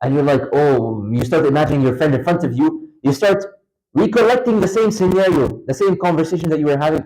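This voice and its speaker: A man with a fairly high voice lectures in a mosque hall, speaking straight to his listeners. He tells everyday examples with emphasis, his pitch jumping up and dropping back down. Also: a little fast. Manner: animated, emphatic storytelling with wide pitch swings; conversational, addresses listeners directly. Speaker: Islamic lecturer. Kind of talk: classroom religious lecture.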